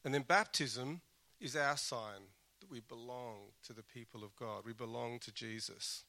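A man's voice: mid-range voice, a little slow, sharp tone. A man preaching a sermon in an earnest, conversational way, often restarting his phrases and slipping in wry self-deprecating asides. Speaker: pastor.

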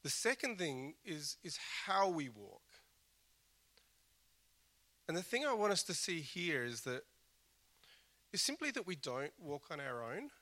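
A man giving a sermon, with a bright and forceful voice. He talks earnestly and conversationally, restarts phrases as he thinks aloud, and drops in the odd dry self-deprecating joke. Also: fairly high pitch, big pitch swings, a little slow, long pauses. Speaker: pastor.

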